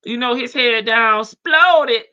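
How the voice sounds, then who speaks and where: A woman's voice: fairly high pitch, a little slow, sharp tone. A woman hosting a casual live stream, chatting and laughing with her viewers in as she reads updates. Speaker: livestream host. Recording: dull lo-fi stream audio.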